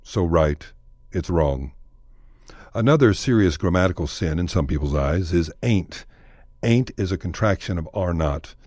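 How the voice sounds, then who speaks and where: A Texan man with a deep, low voice narrates his radio segment in a folksy, wry way. The recording is dry and close, with no room sound. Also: expressive, measured pace, a little mellow, dry recording. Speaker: radio storyteller, host.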